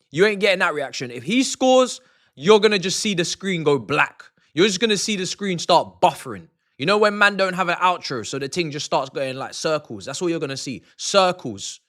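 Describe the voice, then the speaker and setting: A young man, ranting and exasperated while streaming a football watch-along, swinging from shouts to grumbling mutters. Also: sits high, lively intonation, normal speed.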